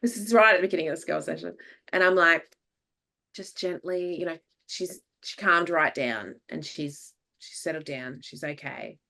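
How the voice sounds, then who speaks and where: Lively Australian woman telling a story. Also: low-pitched, moderate pace, vocal fry. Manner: lively anecdotes, acts out what people said, laughs often. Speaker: podcast host. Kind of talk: casual chat, animated storytelling.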